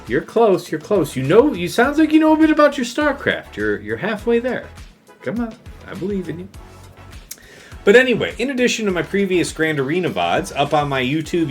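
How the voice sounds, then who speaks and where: A man talks through his game stream in a loose, chatty way, answering viewers with jokes. His pitch rises and falls a lot as he talks. Soft music plays under his voice. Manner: chatty, joking replies to chat. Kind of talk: casual gaming stream commentary.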